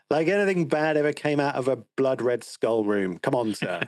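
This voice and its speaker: A man's voice: mid-range voice, lively intonation, a little slow, darkish tone, dry recording. Dry-voiced man recapping a horror film. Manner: wry, teasing, recaps plot at length. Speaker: podcast co-host. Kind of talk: casual film discussion.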